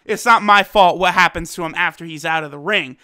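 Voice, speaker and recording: A man's voice: a little high, fairly quick, pushed and bright, voice pushed down. A man quoting a smug, condescending alien villain in his own voice while reviewing an episode.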